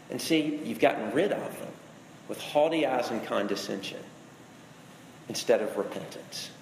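A man's voice: medium pitch, lively intonation, moderate pace, creaky, a little mellow, slight background noise. A man preaching a sermon, speaking earnestly and addressing his listeners directly with shifting emphasis. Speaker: pastor. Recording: echoey hall with long reverb.

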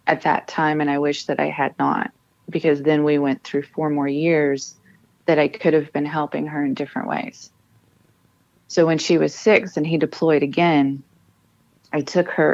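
A woman's voice: low-pitched, darkish tone, no room sound, muffled recording. A woman in her thirties, a military spouse and author, telling her family's story with earnest emotion and frequent restarts. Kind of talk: personal storytelling in an interview.

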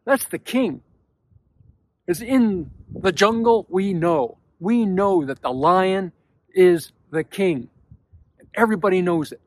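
Expressive and slow, with long pauses, a high-voiced man hosts a motivational podcast talk for men. His delivery is forceful and direct, and he drops swear words casually.

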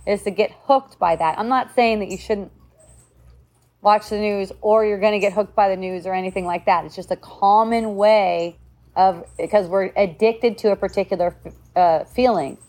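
A woman's voice: mid-range voice, normal speed, darkish tone. Casual, blunt woman giving a spiritual talk. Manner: loose and conversational, frequent "like" and "right?", blunt swearing.

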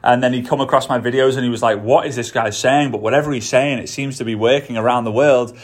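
A man's voice: medium pitch, steady tone, quick pace. A man with a Liverpool Scouse accent hosting a solo podcast as a network marketing coach, talking in an enthusiastic, sing-song way and repeating words for emphasis. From Liverpool, England.

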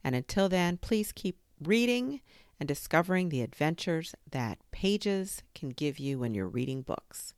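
A woman reading a children's story aloud as a storyteller, expressive and dramatic in her pacing. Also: low voice, measured pace, no echo, clean studio sound.

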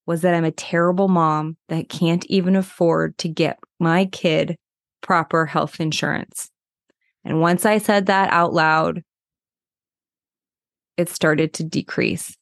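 Candid woman host, low dry voice. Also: no echo. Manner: candid and conversational, with many fillers; speeds up when worked up, slows for breathing steps. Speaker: podcast host and body worker. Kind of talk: personal storytelling, guided reflection.

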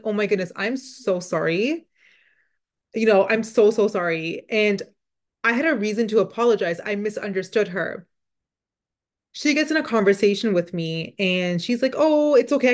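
Chatty woman telling a story. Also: medium pitch. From Indian heritage. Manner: chatty, retells conversations with many fillers. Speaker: spiritual channel. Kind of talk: casual storytelling monologue.

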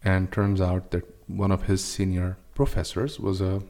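Low mellow-voiced man telling a story. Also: monotone, unhurried. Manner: storytelling, with "uh" fillers and restarts. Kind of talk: casual discussion.

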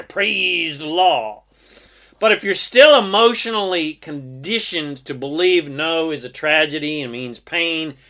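Bright-voiced motivational man, emphatic. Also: fairly high pitch. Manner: emphatic, exhorting, occasionally profane. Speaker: podcast host and success coach. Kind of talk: motivational podcast monologue.

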